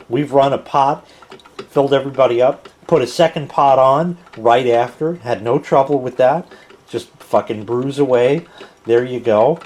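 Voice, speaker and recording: A middle-pitched American man in his forties talks loosely and rambles in a home kitchen, with a faint hiss under his voice. His speech is casual and unpolished, and he drops a swear word here and there. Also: darkish tone. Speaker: product reviewer. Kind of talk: casual chat.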